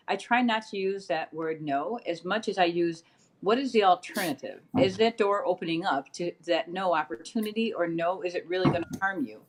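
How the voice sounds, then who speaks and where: A middle-aged woman co-hosting a casual panel chat, talking things through and acting out quotes in a raised voice. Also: moderate pace. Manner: animated, acts out quotes in a high voice. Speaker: co-host.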